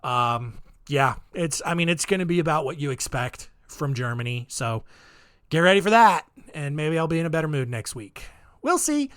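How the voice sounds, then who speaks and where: A man's voice: fairly high pitch, sing-song, moderate pace, fairly bright tone, smooth. Rambling, wry male podcast host. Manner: rambling, with many fillers, wry and offhand. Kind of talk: casual solo podcast storytelling.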